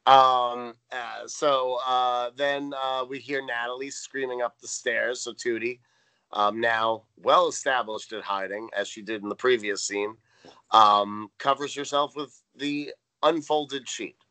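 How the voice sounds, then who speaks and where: A man with a bright, forceful voice talks through a sitcom episode in relaxed podcast chat. He swears casually and slips into quick voices for the characters. His pitch sits in the middle range for a man. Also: smooth, no echo, rough recording. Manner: animated, swears casually, acts out character lines. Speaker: podcast co-host.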